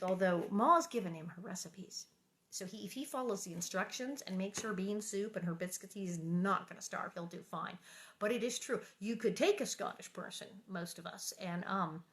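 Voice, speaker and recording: A woman's voice: medium pitch, pushed and bright. A woman hosting a book reading, chatting casually and rambling between chapters, with frequent jokes and laughter. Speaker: host reading a children's book aloud.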